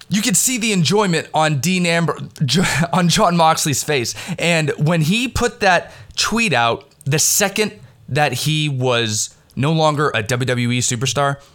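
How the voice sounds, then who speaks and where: A man excitedly recapping a wrestling event in a rambling, casual way, swearing freely, recorded on a headset mic at home. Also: medium pitch. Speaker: wrestling fan recapping a pay-per-view. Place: home recording in the Pittsburgh area. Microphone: headset mic with headphones.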